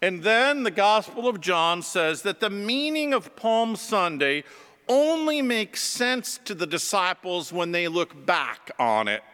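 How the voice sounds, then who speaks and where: Slow, bright-voiced preacher in a reverberant church. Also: male voice, high-pitched, very animated, clean tone. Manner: slow, reflective storytelling. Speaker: pastor. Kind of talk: sermon.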